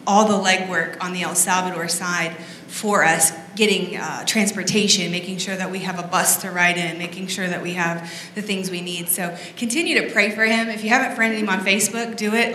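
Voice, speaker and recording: A woman's voice: medium pitch, bright, forceful tone. A woman leading a church service, chatty and enthusiastic as she introduces students. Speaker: youth leader introducing speakers. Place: church sanctuary. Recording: echoey hall, faint noise.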